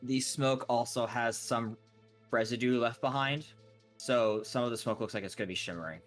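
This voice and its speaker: A man's voice: mid-range voice, normal speed, soft background music. Laid-back man running a tabletop game. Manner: explanatory, loose. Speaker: game master. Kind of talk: casual tabletop game narration.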